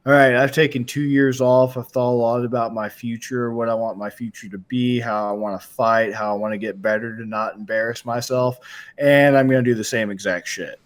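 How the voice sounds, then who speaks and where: A man's voice: mid-range voice, fairly even intonation, a little fast. A young man co-hosting a fight betting podcast, rambling, jokey and profane. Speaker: podcast co-host. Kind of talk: casual betting chat.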